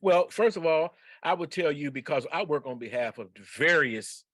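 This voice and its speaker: A fairly high-voiced man chatting on a podcast, with a playful, teasing manner. His pitch swings widely, and the sound is dry and close. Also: animated, normal speed, a bit bright, dry recording. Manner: playful, teasing, bursts of laughter. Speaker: podcast co-host. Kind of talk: casual chat.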